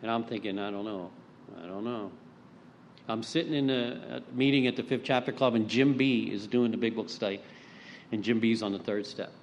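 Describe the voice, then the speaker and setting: At a recovery meeting, a middle-aged man gives a personal talk in a steady, mid-range voice at a brisk clip. He tells his stories bluntly, swears now and then, and acts out the voices of the people he quotes, with slight noise in the background.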